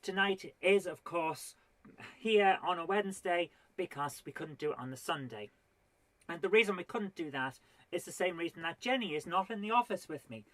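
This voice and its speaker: A woman's voice: on the low side, lively intonation, fairly bright tone, dry recording. Dry, rambling woman comedian in a home office. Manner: rambling, self-deprecating and mock-serious, with drawn-out pauses. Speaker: stand-up comedian and channel host. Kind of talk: solo stand-up comedy to camera.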